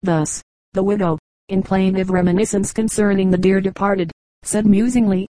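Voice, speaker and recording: Female audiobook reader; measured and even, mellow voice. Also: medium pitch, dry recording, poor audio. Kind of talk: scripted narration.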